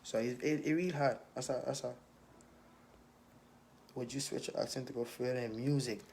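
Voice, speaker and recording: A man's voice: medium pitch, fairly even intonation, moderate pace, darkish tone, a little hiss or hum. A young man with a Virgin Islands accent, a rapper casually reading out and answering questions in a streetwise, laid-back way.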